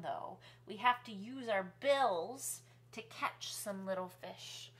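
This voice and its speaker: A woman hosting a children's music class from her living room, singing nursery songs and talking gently to young kids. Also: medium pitch, slow pace. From New York City. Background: guitar accompaniment.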